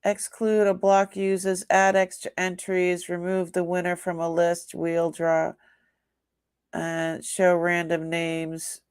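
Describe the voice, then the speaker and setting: Live sale host, woman, Boston accent, slow and chatty. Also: lowish voice, clean tone. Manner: chatty, talks to herself while working the screen; excited squeals when announcing a winner. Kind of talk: live-stream chat.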